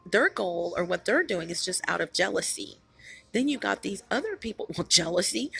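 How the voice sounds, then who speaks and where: Gravelly husky woman rambling on camera. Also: medium pitch, pushed and bright. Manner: rambling, emphatic, frequent restarts. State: tired after staying up all night. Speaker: channel host. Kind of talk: casual vlog monologue.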